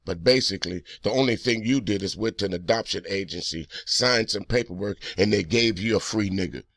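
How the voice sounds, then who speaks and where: A man's voice: lowish voice, brisk, creaky, fairly bright tone, no room sound, clean studio sound. A man hosting a reaction video, delivering heated, profane, accusing commentary straight at the person in a clip.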